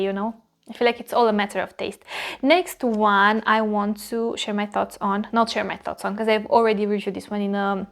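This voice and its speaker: A woman reviewing fragrances in a casual video, gushing and repeating phrases as she searches for words. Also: fairly high pitch.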